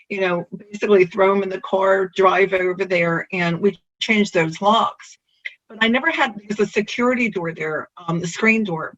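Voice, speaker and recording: A realtor telling a personal story in an animated way, the pitch jumping up for emphasis. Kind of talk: personal anecdote. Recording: dull lo-fi recording.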